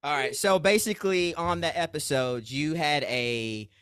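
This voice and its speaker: A man's voice: fairly high pitch, a little slow, fairly bright tone, smooth. A man guesting on a podcast as interviewer, teasing the host and hurrying through set-ups. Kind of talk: casual podcast chat.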